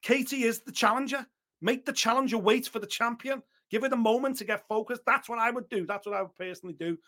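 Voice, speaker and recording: A man's voice: very high voice, fast talker, sharp tone. A man giving blunt, opinionated boxing talk on a podcast, swearing freely and acting out what others might say. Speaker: boxing pundit.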